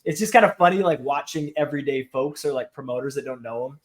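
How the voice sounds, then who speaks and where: A man guesting on a podcast, telling a story in a casual, animated way and acting out what people said. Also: mid-range voice, fast.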